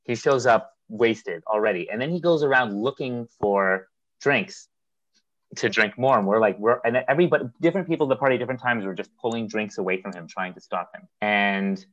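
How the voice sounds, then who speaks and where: A man's voice: fairly low pitch, brisk, a bit bright, lo-fi sound. A man co-hosting a podcast, telling a long anecdote in casual chat, acting out dialogue and laughing often. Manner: rambling anecdote with quoted dialogue and frequent laughs. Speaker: podcast co-host.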